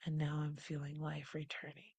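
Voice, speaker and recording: A woman hosting a guided wellness practice, calm and unhurried, describing her body sensations as she goes. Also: sits low, breathy edge. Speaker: host leading a guided practice.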